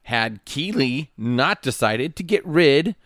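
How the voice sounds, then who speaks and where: A man co-hosting a podcast, reading out product reviews in a deadpan way. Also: medium pitch, slow, dry recording, studio quality. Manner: deadpan reading, mock-dramatic when quoting. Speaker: podcast co-host.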